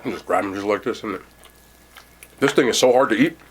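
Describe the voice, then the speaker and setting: Seated indoors at home, a man hosts a casual mukbang food review, chatting with viewers as he eats. His voice is on the low side and fast, with slight background noise.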